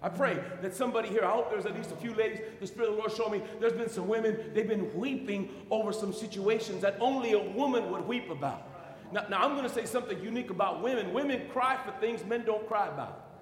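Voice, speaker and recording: A male pastor preaches with passion, his voice sitting very high as he stumbles into quick restarts and calls out to the congregation. He is recorded in a roomy church sanctuary where the sound rings out with a long reverb. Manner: impassioned preaching with stammered restarts and call-outs to the congregation. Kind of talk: sermon. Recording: echoey church hall.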